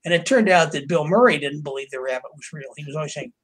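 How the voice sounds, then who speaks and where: Husky older man telling showbiz stories. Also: a little high, quick pace, fairly bright tone, low-quality recording. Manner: rambling, with many fillers and acted quotes of others. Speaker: author and interview guest. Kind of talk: anecdotal storytelling in a podcast interview.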